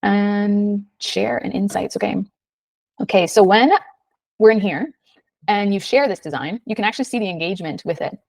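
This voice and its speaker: A woman's voice: mid-range voice, normal speed, vocal fry, darkish tone, no room sound, distant mic. A woman hosting a live screen-share tutorial, chatty and casual, with lots of fillers and "right?" tags. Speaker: webinar host, design instructor.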